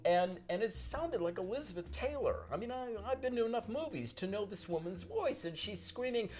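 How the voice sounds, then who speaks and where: A man, a guest author, telling an anecdote in a lively, animated way, acting out the quotes. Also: sits high, normal speed, few pauses.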